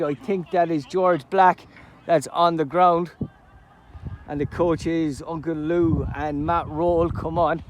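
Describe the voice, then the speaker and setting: A man giving live play-by-play commentary at an amateur football match outdoors, chatty between plays and loud at goals. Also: on the high side, fairly even intonation, takes it slowly. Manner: chatty play-by-play, erupts loudly at goals and chances. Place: outdoors at a sports ground.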